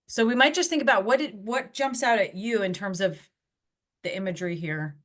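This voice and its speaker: Woman lecturing in a relaxed, chatty way. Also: medium pitch, fairly quick. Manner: conversational, with frequent fillers and restarts. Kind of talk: online lecture.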